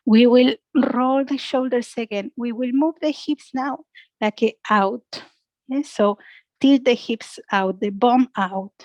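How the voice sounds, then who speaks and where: Female yoga teacher, non-native speaker, soothing slow instructions with a tag "yeah?", fairly high voice. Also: no room sound, low-quality recording. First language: Spanish. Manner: soft, slow cues ending in "yeah?". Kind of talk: guided yoga class.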